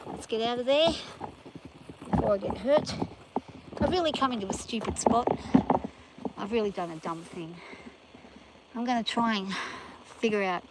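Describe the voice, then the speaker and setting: A woman in the middle of a walk outdoors, drained and overheated, talking herself through her nerves in a casual, rambling way. Her pitch sits in an ordinary middle range. Loud outdoor noise runs constantly under her voice. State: exhausted and overheated. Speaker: farm vlogger. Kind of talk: casual self-filmed chat while walking. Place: outdoors on hot rough ground.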